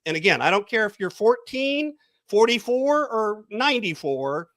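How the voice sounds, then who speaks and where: A man's voice: high voice, sing-song, normal speed, a bit bright, no room sound. A man, a coach, guest on a podcast interview, leading a guided visualization in a storytelling manner.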